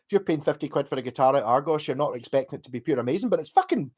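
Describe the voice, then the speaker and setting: A slightly high-voiced man with a Scottish accent chats on a live stream. He has had a few drinks and rambles from one thing to the next, swearing freely in a casual, unpolished way. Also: animated, very fast, a little mellow, husky. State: tipsy from drinking.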